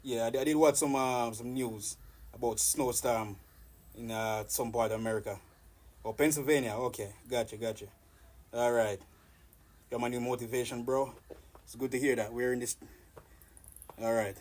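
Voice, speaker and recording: A fitness streamer with a Jamaican accent chats loosely with viewers on a live workout stream from the countryside outdoors, greeting them by name. His medium-pitched, darkish voice holds a steady tone at normal speed, with long pauses.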